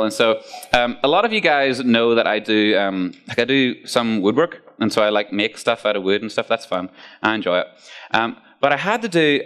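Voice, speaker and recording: A man's voice: mid-range voice, clear, resonant tone. A man giving a casual, joking talk to a youth group, with asides to the audience. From Ireland. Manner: playful, jokey, lively storytelling with asides to the audience.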